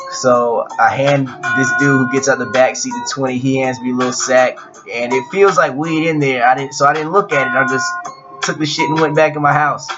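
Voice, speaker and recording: A young man telling a personal story in a laid-back, profane way, with frequent restarts. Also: mid-range voice. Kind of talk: casual storytelling. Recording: dull lo-fi audio with clear music behind.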